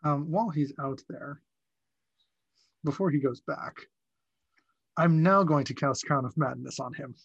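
A man's voice: fairly high pitch, unhurried, creaky, pauses often, husky, no echo, lo-fi sound. A man playing a tabletop game, talking hesitantly and restarting often. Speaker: player. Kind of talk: casual tabletop game play.

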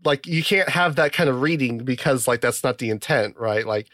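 Man, podcast co-host, casual chat, hedging, halting restarts, mid pitch, dry close sound. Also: expressive, a bit bright, dry recording.

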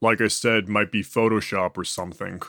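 A man's voice: fairly low pitch, fairly even intonation, normal speed, bright, forceful tone, dry recording, clean studio sound. A man voicing a defensive, swearing male prisoner being questioned. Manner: blunt and swearing. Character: defensive, profane male prisoner under interrogation.

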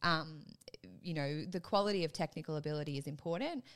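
A woman's voice: sits low, fairly quick. A woman, chatting in a casual interview and thinking her ideas through earnestly. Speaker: guest performer.

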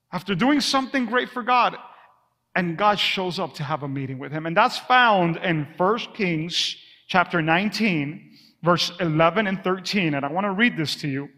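Man, pastor, sermon, call-and-response, bright tone, long hall echo. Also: high-pitched, normal speed. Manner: call-and-response preaching, drops to a hush on "whisper"; energetic storytelling with acted asides.

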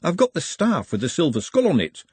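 A man's voice: fairly high pitch, wildly swooping pitch, brisk, darkish tone, husky, no echo, pitched above the performer's own voice, exaggerated voice. A man voicing a lofty, weary male academic necromancer who speaks haughtily. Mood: haughty.

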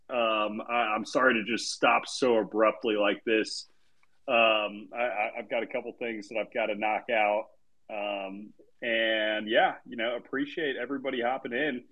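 A man's voice: medium pitch, a bit bright, low-quality recording. Laid-back man hosting a live chat. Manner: loose, chatty, laid-back sign-off. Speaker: host. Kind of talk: casual live audio chat. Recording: remote live audio call.

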